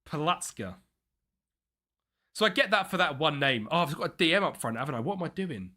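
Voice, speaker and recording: A young man streaming live, chatting and thinking aloud over a football management game, with excited bursts at chances. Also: a little high, fast talker. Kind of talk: live gameplay commentary.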